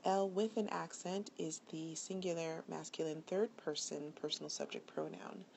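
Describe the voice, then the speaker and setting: A woman teaching a pronunciation lesson, explaining rules slowly and repeating example words for the class. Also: vocal fry, a little mellow. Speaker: Spanish teacher. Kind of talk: classroom lecture. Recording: faint background noise and low rumble.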